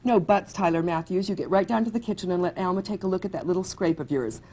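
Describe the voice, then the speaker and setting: A brisk, motherly older aunt, voiced by a woman reading from a romance novel. She scolds firmly in a lowish, slightly husky voice. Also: dark tone, natural voice. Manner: firm and scolding.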